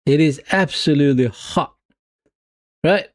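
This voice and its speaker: A man with a Swedish accent streaming a live football watch-along, excitedly cheering on his team and chatting casually with viewers. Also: a little high, a little slow, no room sound, clean studio sound. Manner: self-mocking, casual asides to viewers.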